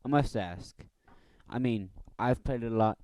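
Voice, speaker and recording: A man's voice: medium pitch, unhurried, a little mellow, clear, resonant tone, no room sound. A young man co-hosting a casual podcast, joking in a mock-sentimental way. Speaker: podcast co-host. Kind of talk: casual chat.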